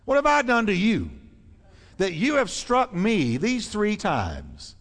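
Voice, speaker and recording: A man's voice: high-pitched, huge pitch swings, takes it slowly, a bit bright, big-room sound, pitched above the performer's own voice, full character voice. A man voicing a tired, faithful female donkey who pleads with her master in a plaintive tone. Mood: fed-up.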